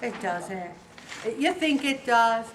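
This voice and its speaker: A fairly high-voiced woman talks to a support group in a chatty, joking way, slipping into the voices of the people she quotes. Her voice rings around a roomy hall and is picked up from some distance away. A faint hum of room noise sits underneath. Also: animated, slow pace, fairly bright tone. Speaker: weight loss group leader. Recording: echoey room, voice picked up from afar.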